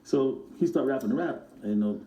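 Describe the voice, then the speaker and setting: A man, a music producer and guest, telling stories in an animated way and acting out the voices of the people in them. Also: medium pitch, a little fast, echoey room, dull audio. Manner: acts out other people's voices in his stories. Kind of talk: animated storytelling.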